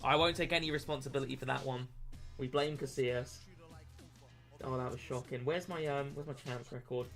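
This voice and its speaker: A young British man streaming a football game, swearing, self-mocking and excitable. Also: mid-range voice, brisk, soft background music. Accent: British English. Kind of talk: gaming live stream commentary.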